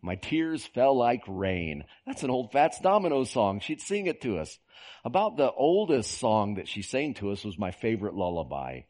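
A middle-aged pastor from Oklahoma preaches in a folksy, storytelling style, with a medium-pitched, darkish voice that swings widely in pitch at normal speed. He often repeats words as he goes.

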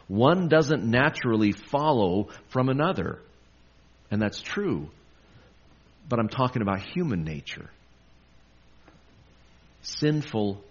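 A male pastor delivers a sermon in a low, slightly husky voice. His pitch swings widely as he presses home the verses he quotes. The recording sounds dull and lo-fi. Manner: emphatic preaching with lively rises on quoted verses.

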